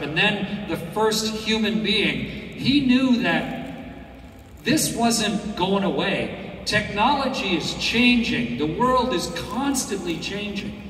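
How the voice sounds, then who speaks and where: A man's voice: sits high, a bit bright, a little hiss or hum. A man in his sixties giving a commencement speech to graduates, telling stories earnestly with frequent restarts. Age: 60s. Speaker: graduation speaker. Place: large hall. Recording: echoey hall from far off.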